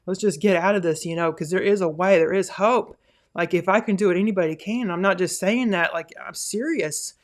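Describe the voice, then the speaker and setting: A woman's voice: fairly low pitch, a little fast. A woman in her thirties hosting her own podcast, telling her money story in a rambling, earnest way full of "you know" and "like". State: tearful, emotional. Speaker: podcast host. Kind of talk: personal story, motivational talk.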